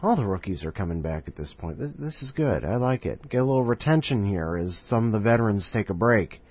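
Playful rambling podcast host. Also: male voice, lowish voice, lively intonation, a little fast, a little mellow, husky. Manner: rambling, playful, self-mocking. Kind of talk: casual show hosting. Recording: dry, slightly muffled home recording.

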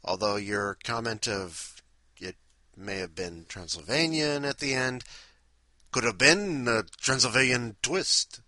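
A man's voice: medium pitch, unhurried, sharp tone, no echo. A man hosting a podcast in casual, rambling, self-deprecating chat. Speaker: podcast host.

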